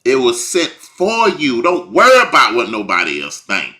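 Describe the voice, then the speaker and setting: A man preaching informally, swinging from hushed lines to near shouting. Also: mid-range voice, wildly swooping pitch, moderate pace. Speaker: bible teacher.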